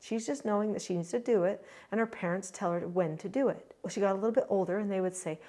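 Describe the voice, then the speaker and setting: A woman's voice: medium pitch, fast talker. A middle-aged woman and grandmother, a parenting coach giving an earnest, chatty talk to camera. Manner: earnest, chatty, with lively quoted asides. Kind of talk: casual instructional talk to camera.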